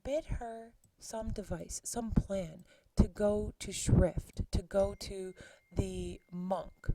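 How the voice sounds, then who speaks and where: A woman voicing a protective older nurse who scolds and warns in a dry, mellow voice. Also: medium pitch, fairly even intonation, takes it slowly, no room sound, rough recording. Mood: warning. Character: flustered protective old female nurse.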